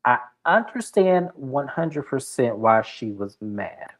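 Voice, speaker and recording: A man recapping a reality show in casual, animated commentary, with plenty of filler words and quick retellings. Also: medium pitch. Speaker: reality TV reviewer.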